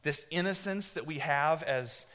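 Brief: pastor, male, fairly high voice, lively storytelling sermon, long hall reverb. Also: measured pace. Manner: animated, conversational, often checking in with "right?". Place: church sanctuary.

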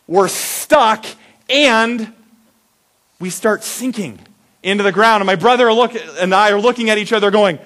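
A man preaching a sermon, telling a childhood story with acted-out voices and big swings between loud and soft. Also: sits high, measured pace. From Iowa. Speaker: pastor.

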